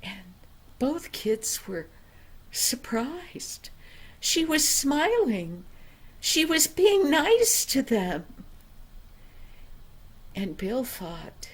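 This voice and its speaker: Slow, gentle grandmother storyteller. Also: high-pitched, big pitch swings. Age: older. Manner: gentle, unhurried, soft on quiet passages. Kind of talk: reading a children's story aloud.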